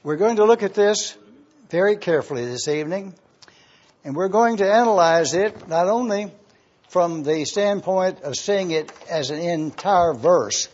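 Man, preacher, teaching sermon, careful and emphatic, slightly high voice, muffled lo-fi sound. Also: darkish tone. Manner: slow, careful and emphatic, spelling words out. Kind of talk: sermon, teaching Greek grammar. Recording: dull lo-fi recording.

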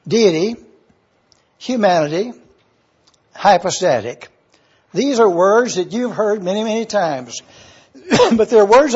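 A man with a fairly high, slightly husky voice delivers a teaching sermon at a slow, deliberate pace. He repeats key words for emphasis and clears his throat often. The recording sounds dull and lo-fi. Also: a little mellow. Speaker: preacher.

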